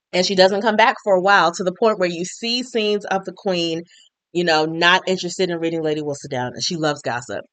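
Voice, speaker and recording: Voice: medium pitch, fairly bright tone, smooth, no room sound. A recap vlogger talking casually about a TV episode, chatty and slangy, and briefly acting out the characters' lines.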